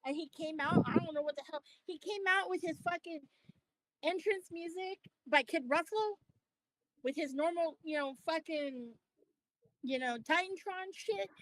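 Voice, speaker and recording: A woman co-hosting a wrestling podcast, talking casually in an animated, profane rant. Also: extremely high pitch, normal speed, dry recording, poor audio. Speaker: podcast co-host. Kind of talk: casual chat.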